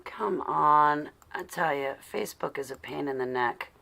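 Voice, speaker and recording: A woman with a low, gravelly voice hosts a casual livestream at a measured pace. Flustered, she mutters to herself while searching for something, chatting with her viewers and giving them affectionate shout-outs.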